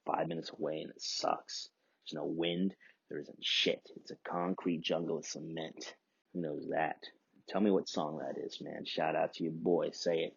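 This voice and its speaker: Low gravelly man, rambling podcast monologue. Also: no echo, dull audio. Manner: profane, rambling, chuckling often. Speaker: podcast host.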